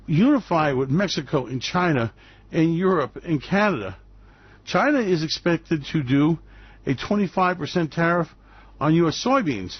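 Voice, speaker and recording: A man hosting a talk radio show who rants sarcastically in a husky, slightly raised voice. The recording is dry and dull, like a lo-fi broadcast. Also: high-pitched, no echo. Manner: ranting, sarcastic, repetitive. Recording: muffled lo-fi recording.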